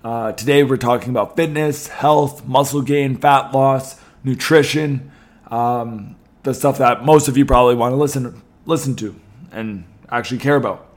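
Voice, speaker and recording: A young man, slightly hoarse, hosting a podcast in a chatty way with many ums and restarts. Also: medium pitch, normal speed. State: losing his voice a little. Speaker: podcast host. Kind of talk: casual podcast talk.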